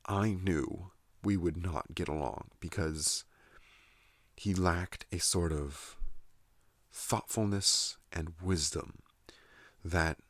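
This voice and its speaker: Male ASMR host, very low and slow, soothing soft-spoken ramble, dry close sound. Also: no room sound. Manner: soothing, unhurried monologue. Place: at home in a trailer.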